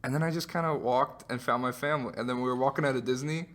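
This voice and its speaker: A man's voice: mid-range voice, fast talker, a bit bright. A young man in his late teens, co-hosting a casual podcast, telling a story with lots of laughs, "like"s and acted-out voices. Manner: laughs while telling, acts out voices, many likes. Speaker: podcast co-host.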